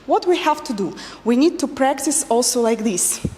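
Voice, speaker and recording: High, lively woman teaching dance. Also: normal speed, a little hiss or hum. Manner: counts beats and gives instructions. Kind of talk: instructional dance class. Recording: long reverb with faint music.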